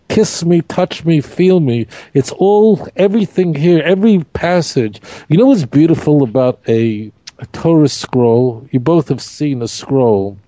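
A man teaches a Torah study class, animated and emphatic, repeating key points and posing rhetorical questions. His voice is a little high, and there's no echo.

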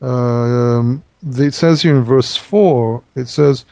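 A man's voice: medium pitch, creaky, mellow, no echo. A man teaching in a conversational Bible study, explaining at length with frequent halts and restarts. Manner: halting, many restarts while explaining.

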